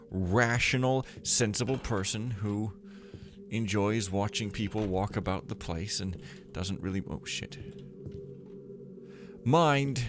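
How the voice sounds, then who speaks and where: Sarcastic rambling male gamer, lowish voice. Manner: sarcastic, rambling, deadpan jokes. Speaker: let's play gamer. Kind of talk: casual gameplay commentary.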